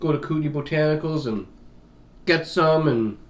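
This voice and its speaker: Crude Canadian man, eh-heavy and high. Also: normal speed. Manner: crude, swearing, laughing, tags lines with "eh". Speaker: vlogger. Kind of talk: casual vlog chat. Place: home kitchen table.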